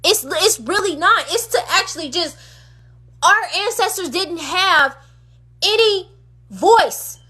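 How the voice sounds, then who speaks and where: A woman's voice: extremely high pitch, expressive, slow pace, bright, forceful tone. A woman on a phone livestream, delivering an impassioned rant full of emphatic, repeated rhetorical questions. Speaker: streamer.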